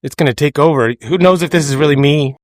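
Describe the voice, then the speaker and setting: A man's voice: on the high side, fast, no room sound. A young man co-hosting a casual comedy podcast, laid-back and dry with crude jokes. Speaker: podcast co-host.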